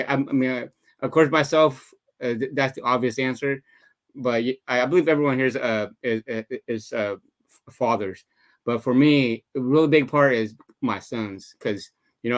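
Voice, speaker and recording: Emotional man speaking haltingly. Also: medium pitch. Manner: halting, many restarts, earnest. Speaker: father in a men's discussion circle. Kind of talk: casual group discussion.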